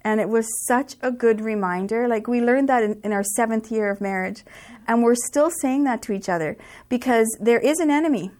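A woman's voice: fairly high pitch, brisk, a little mellow. Sincere woman sharing her faith. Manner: reflective, sincere, with fillers. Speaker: guest. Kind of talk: personal testimony.

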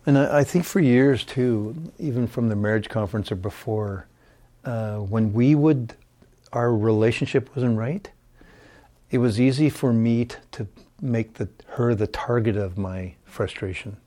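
A man's voice: medium pitch, warm tone. Candid man recalling his marriage. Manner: candid, halting, self-correcting. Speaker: guest. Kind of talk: personal testimony.

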